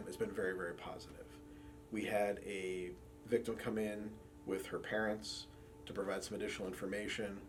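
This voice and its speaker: Cop dude with a low voice, chatty storyteller, does little voices when he quotes people. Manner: relaxed storytelling with quoted dialogue. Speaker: campus police officer and dog handler. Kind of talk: documentary interview.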